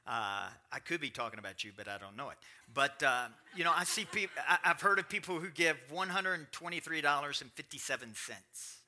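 This middle-aged pastor delivers a sermon, talking plainly with the congregation before building into emphatic, rising preaching. His voice sits on the high side with lively intonation and a sharp tone, and he moves fairly quickly with few pauses.

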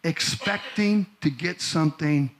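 A male pastor preaching a sermon to a congregation, building from calm talk to loud shouted peaks. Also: fairly high pitch, a little slow. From Missouri. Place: church in front of a congregation.

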